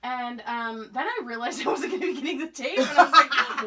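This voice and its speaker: A woman's voice: high-pitched, brisk, distant mic. A woman in her forties from Oregon, telling a story in a casual podcast chat, acting out old dialogue and laughing often. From Portland, Oregon suburbs. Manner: animated, acts out quoted dialogue, laughs often. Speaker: podcast guest.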